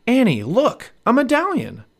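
Man playing a worried know-it-all boy, urgent and animated, storybook read-aloud. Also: fairly high pitch, normal speed, voice pushed up. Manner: urgent and bossy. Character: cautious, bookish young boy.

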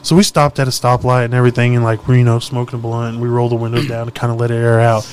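A man's voice: medium pitch, completely flat delivery, racing, slight background noise. A man in casual podcast chat, telling a reckless story with brash, profane energy.

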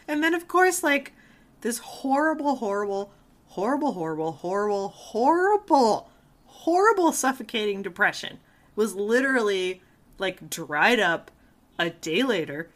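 Lively bright-voiced young woman storyteller. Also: mid-range voice, unhurried. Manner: animated storytelling, acts out quotes, swears freely. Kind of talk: casual chat.

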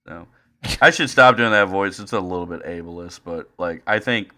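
A young man co-hosting a casual podcast, mocking and animated, with frequent swearing. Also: deep voice, measured pace, pauses often. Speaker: podcast co-host. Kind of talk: casual banter.

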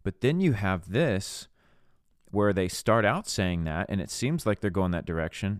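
Reading scripture and talking it through, a man with a lowish, animated voice preaches casually and earnestly as a podcast host at normal speed. He's conversational and slips into voicing skeptics, and the recording is dry and studio quality.

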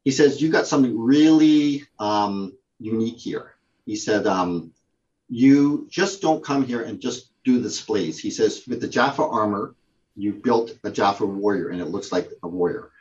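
A man's voice: lowish voice, normal speed, a little mellow, lo-fi sound. A man, a guest who owns a prop company, telling a story in casual conversation, with many fillers and restarts.

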